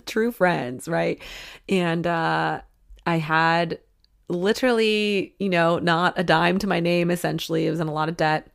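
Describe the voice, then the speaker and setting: Low-voiced chatty woman podcaster. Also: steady tone, a little slow, vocal fry, dry recording, clean studio sound. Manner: chatty, emotional, lots of "like" and "you know". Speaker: podcast host. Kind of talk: casual storytelling.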